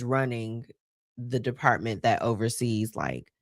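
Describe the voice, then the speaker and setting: A woman's voice: rumbling low, a little slow, no room sound, clean studio sound. Chatty woman live-stream host. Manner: animated, chatty, laughs often, addresses viewers as y'all. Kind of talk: casual live-stream chat.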